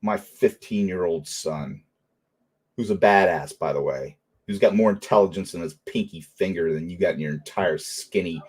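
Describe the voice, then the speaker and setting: A middle-aged man hosting a casual livestream, telling animated stories and laughing often. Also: sits low, normal speed, slightly rough. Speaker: livestream host.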